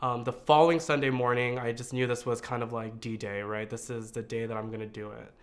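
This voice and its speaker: Man, from the United States, personal storytelling, earnest, reflective, hesitant fillers, mid-pitched voice. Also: little pitch movement, a little fast. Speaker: storyteller sharing his coming-out story.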